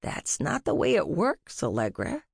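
A woman voicing a gentle little cat familiar. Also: fairly low pitch, huge pitch swings, unhurried, gravelly, husky, dry recording, clean studio sound, heavily acted. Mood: patient. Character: patient, gentle tiny male black cat familiar.

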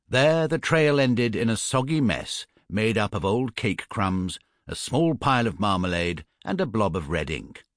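Expressive low-voiced male storybook narrator. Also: no room sound, clean studio sound. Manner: expressive, measured reading. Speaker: audiobook narrator.

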